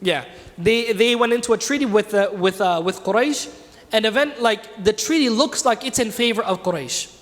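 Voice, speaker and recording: A man with a high voice leads a religious lesson in a mosque. He tells the story in a loose, conversational way and keeps turning to his class with questions. His voice rings out with a long echo in the hall. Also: moderate pace, a bit bright. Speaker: teacher leading a class. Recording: reverberant hall.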